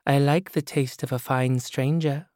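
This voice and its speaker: A man's voice: fairly even intonation, unhurried, a little mellow, dry recording, clean studio sound, natural voice. A man reading an audiobook, voicing a brash, faded older woman who mocks and scolds. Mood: mocking. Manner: shrill, mocking, theatrical. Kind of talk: audiobook character voice.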